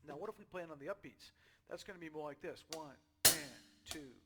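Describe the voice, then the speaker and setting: A man giving a casual drum lesson, chatty and relaxed, checking in with "okay?" and "right?" as he explains. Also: a little high, rapid-fire, loud music behind the voice. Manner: counts beats aloud loudly while drumming. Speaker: drum teacher. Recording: drum kit playing behind the voice.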